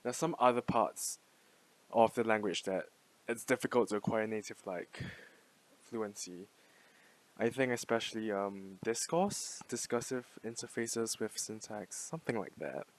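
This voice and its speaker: A man's voice: on the low side, a little slow. A young man in his twenties talking through an unscripted casual monologue, rambling with lots of fillers, casual swearing and frequent laughs. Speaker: language-learning vlogger.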